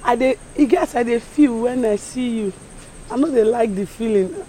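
A woman's voice: a little high, normal speed, warm tone, slight background noise, natural voice. An actress playing a shy woman being courted, speaking Nigerian Pidgin in a coy, embarrassed way. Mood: bashful.

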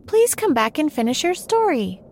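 A woman's voice: sits high, big pitch swings, brisk, darkish tone, a little hiss or hum, pitched above the performer's own voice. A woman voicing Alice, a polite, earnest young girl who pleads and chatters eagerly. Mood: humble.

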